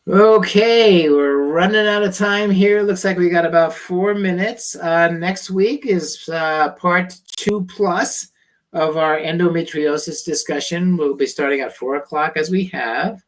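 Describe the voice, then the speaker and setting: A slightly hoarse male doctor who reads out viewer questions in a live online Q&A and answers them bluntly, with many ums and uhs. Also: fairly high pitch. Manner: loose, with frequent ums and uhs. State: slightly hoarse, losing his voice. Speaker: fertility doctor.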